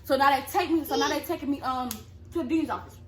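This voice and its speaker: A young woman telling a story in casual chat, animated, acting out quotes in a high yelling voice. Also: fast. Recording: echoey room with clear background noise.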